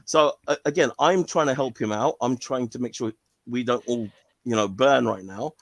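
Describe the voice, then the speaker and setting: A male caller telling a story on a call-in stream in an animated way, laughing and restarting often. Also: medium pitch, moderate pace, no room sound.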